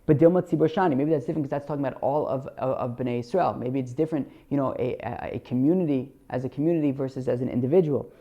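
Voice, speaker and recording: A man talks through a Talmud passage like a casual study session, reading the original phrases and then translating them. His voice has a gravelly edge, and he stumbles and restarts often. The recording sounds dull and lo-fi. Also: mid-range voice. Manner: halting, many fillers and restarts, reads Hebrew and Aramaic then translates. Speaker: podcast host teaching Talmud.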